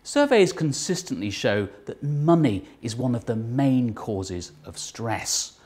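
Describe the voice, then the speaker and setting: A presenter reads a scripted report with a lively, varied pitch. The delivery is clear and informative. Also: slow pace. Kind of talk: scripted narration.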